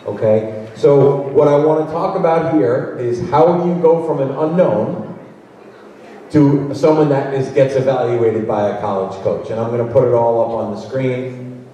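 A man's voice: medium pitch, unhurried, dark tone, dull audio, a little hiss or hum. A man giving a workshop presentation to parents, talking conversationally and acting out quotes from students and coaches. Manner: conversational, acts out hypothetical quotes. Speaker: college recruiting speaker. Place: high school auditorium. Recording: roomy hall, distant mic.

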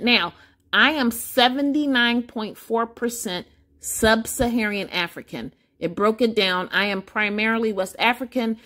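A woman's voice: medium pitch, pushed and bright. Woman vlogger chatting to camera, reads stuff out and makes little asides. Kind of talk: casual chat to camera.

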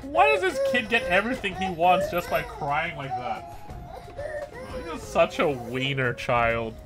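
A man's voice: high voice, wildly swooping pitch, measured pace. A man giving casual, teasing gameplay commentary while joking with his family. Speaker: gaming video creator. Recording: game music behind the voice.

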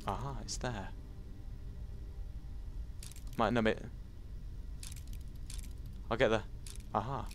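A man giving casual, jumpy let's-play commentary, talking to enemies and reacting out loud. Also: mid-range voice, measured pace, pauses often. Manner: jumpy, excitable, talks to enemies. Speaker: gameplay commentator.

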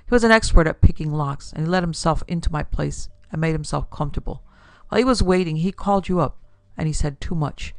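A woman voicing a calm, amiable male detective who lays out his accusations in a casual, even tone. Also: low-pitched, fast talker, dry recording, clean studio sound. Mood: calmly accusing.

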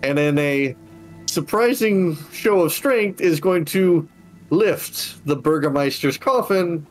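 A man's voice: fairly high pitch, takes it slowly, faint music behind, rough recording. A man narrating and describing scenes as game master of a tabletop game.

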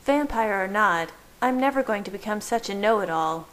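A woman's voice: medium pitch, steady tone, normal speed, pitched above the performer's own voice, natural voice. A playful young wife with a teasing edge, voiced by a woman reader. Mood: wry.

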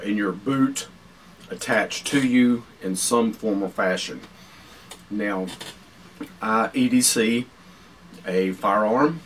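Low-voiced man hosting a survival vlog. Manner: unhurried, practical, with frequent uh fillers and pauses. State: talking while chewing food. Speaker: survival channel host. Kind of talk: casual explanatory vlog talk. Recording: distant mic with faint background noise.

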